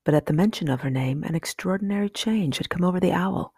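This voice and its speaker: Woman reading a children's novel, gravelly. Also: fairly low pitch, no room sound, studio quality. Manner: calm, measured storytelling. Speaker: reader. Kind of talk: audiobook narration.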